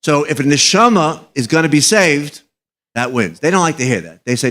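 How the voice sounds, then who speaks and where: A middle-aged man, a rabbi, talks at a live fundraising broadcast. He tells his stories with emphasis and drops his voice low on the sad moments. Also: animated, a little fast, a bit bright. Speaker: rabbi and guest speaker.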